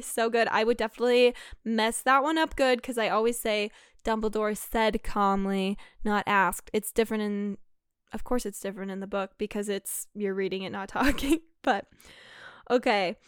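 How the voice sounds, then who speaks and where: A woman's voice: mid-range voice, steady tone, smooth, no echo, clean studio sound. A young woman hosting her own podcast, chatting casually and reading out listener answers in a bubbly, giggly way. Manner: bubbly, giggly, quick asides. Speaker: podcast host and shop owner.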